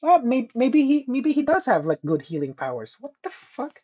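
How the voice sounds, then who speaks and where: A man casually telling a story on a podcast, animated and swearing often, acting out the people he quotes. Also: very high voice, normal speed, muffled recording. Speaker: podcast co-host.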